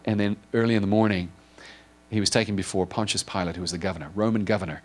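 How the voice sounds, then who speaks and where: A man preaching an informal sermon, retelling a story in an earnest, halting way with many repeated words and restarts. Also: low voice, steady tone. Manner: earnest and emotional.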